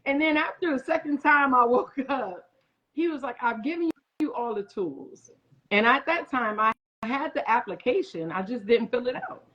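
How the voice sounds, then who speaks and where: Guest chef, woman, 40s, high-ish voice; lively storyteller who voices the people she quotes; muffled recording. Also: moderate pace. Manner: animated, acts out others' lines in quoted voices. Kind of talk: casual interview storytelling. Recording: muffled lo-fi audio.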